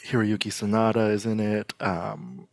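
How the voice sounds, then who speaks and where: A man's voice: on the low side, little pitch movement, normal speed, dry recording. A man hosting a casual podcast chat, talking with enthusiasm and lots of fillers and restarts. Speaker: podcast host.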